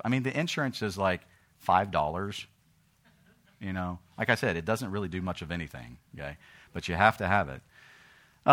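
A middle-aged man preaching a sermon, reading scripture slowly and forcefully, then dropping into a quiet, conversational story. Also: lowish voice. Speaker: pastor.

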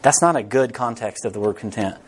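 A man's voice: fairly low pitch, fairly quick, a little hiss or hum. A young man teaching a Bible class in a casual, conversational way, repeating phrases and acting out the voices he quotes.

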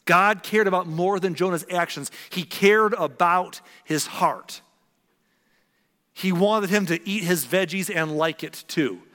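A man's voice: sits high, measured pace, pushed and bright, big-room sound. A man from the American Midwest preaching a conversational sermon, acting out quotes with big jumps in his voice. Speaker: pastor.

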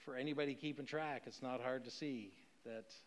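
A man's voice: medium pitch, steady tone, fairly quick, in a large hall. A man preaching a sermon in a conversational way, with rhetorical questions and occasional chuckles. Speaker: pastor.

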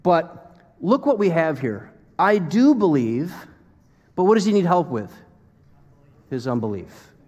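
American pastor preaching in a reverberant hall. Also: male voice, a little high, big pitch swings, a little slow, pauses often, darkish tone, dull audio. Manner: conversational, with fillers and acted-out quotes. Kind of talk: sermon.

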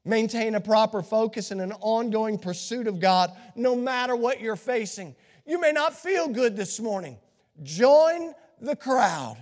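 A pastor preaching a sermon with a scratchy throat from a cold, swinging from hushed asides to impassioned shouts. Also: male voice, sits high, moderate pace, hardly any pauses. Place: church sanctuary. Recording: long reverb of a large hall.

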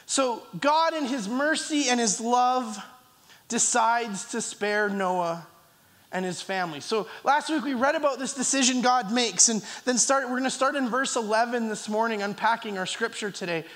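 Preaching with an extremely high-pitched, fairly bright voice, a pastor reads scripture aloud in earnest during his church sermon. He pauses and restarts, gives a slight cough, and the church hall adds a long reverb.

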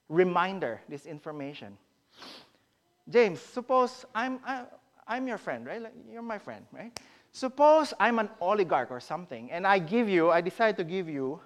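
Animated man preaching a sermon. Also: high voice. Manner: animated, questions the congregation directly.

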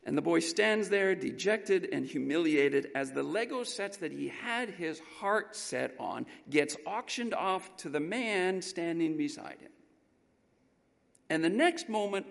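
A man preaching a sermon through an animated, emphatic story. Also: high voice, creaky. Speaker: pastor. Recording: long reverb in a large hall.

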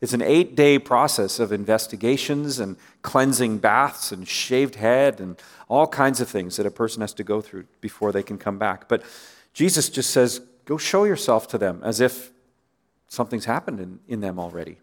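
A man's voice: fairly low pitch, normal speed. A man preaching a sermon in a conversational way, often asking listeners rhetorical questions and letting his voice drop at the ends of phrases. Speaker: pastor.

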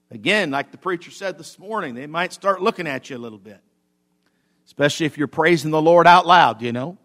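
A man, a pastor, preaching a sermon with animated swings between loud emphasis and quiet asides. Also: a little high, fast. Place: church.

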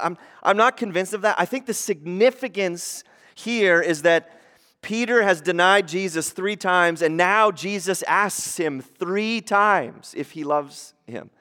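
A man preaching a conversational sermon, swinging from hushed to emphatic, in a church sanctuary. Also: sits high, animated, a little slow. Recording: long hall reverb.

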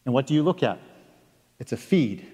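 A man's voice: medium pitch, animated, warm tone, breathy edge. Man preaching in a reverberant hall. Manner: earnest, reads scripture aloud with emphatic pauses. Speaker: pastor. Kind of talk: sermon. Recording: long reverb of a large hall.

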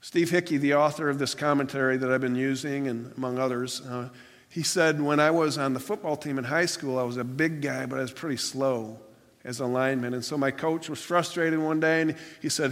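A man's voice: medium pitch, steady tone, a little fast, a bit bright. A man preaching a sermon as pastor, telling stories in an earnest, plainspoken way with some restarts. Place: church sanctuary. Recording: long hall reverb.

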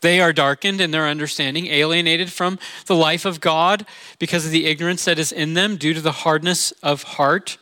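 A man's voice: on the high side, steady tone, moderate pace, bright, forceful tone, no echo. A middle-aged man with a Midwestern accent, preaching a sermon in an earnest, conversational way with rhetorical questions. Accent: Midwestern American. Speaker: pastor.

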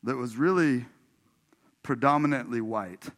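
Storytelling pastor from Washington state. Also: male voice, medium pitch, unhurried, a bit bright. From Washington state, USA. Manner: conversational, laughs often, addresses congregation directly. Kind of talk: sermon with personal storytelling. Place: church sanctuary.

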